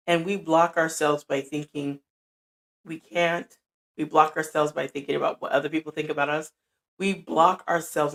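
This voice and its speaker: A middle-aged woman with a deep, soothing, grounded voice, giving a casual motivational talk and acting out both sides of conversations. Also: gravelly. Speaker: podcaster. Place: indoor room at night.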